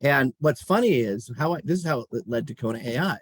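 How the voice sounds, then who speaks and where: A middle-aged man with a husky, slightly breathy voice talks through his career in an easygoing interview. He tells it as animated stories and chuckles as he goes. The recording is close and dry, with no room sound. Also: mid-range voice, a little fast, dry recording. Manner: animated storyteller, chuckles while talking. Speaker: guest, company chief executive. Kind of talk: casual interview conversation.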